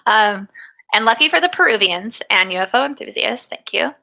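Woman, podcast co-host, bright voice, casual and profane, reads notes with jokey asides. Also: medium pitch, animated, moderate pace, vocal fry, rough recording. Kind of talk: casual podcast chat, reading research notes.

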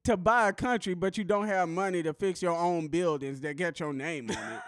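A man's voice: high-pitched, moderate pace, smooth, no room sound, clean studio sound. A man co-hosting a casual comedy podcast, talking in slang and laughing often in disbelief. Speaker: podcast co-host.

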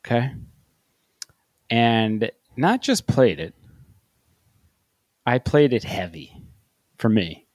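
A man hosting a podcast, telling stories in a casual, deadpan way. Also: medium pitch, takes it slowly, pauses often, no room sound. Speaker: podcast host.

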